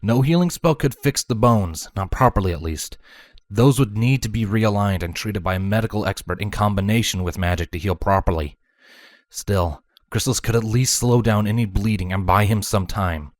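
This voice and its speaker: A man reading fan fiction aloud as storybook narration, measured and dramatic. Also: fairly low pitch, dry recording. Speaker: fanfiction reader.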